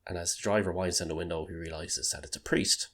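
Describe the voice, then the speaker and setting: An Irish man co-hosting a podcast, telling jokes with a quick, laughing delivery. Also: low voice, fairly even intonation, fairly bright tone. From Ireland. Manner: jokey, quick laughs, mimics voices in jokes. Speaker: podcast co-host. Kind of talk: casual chat, telling jokes.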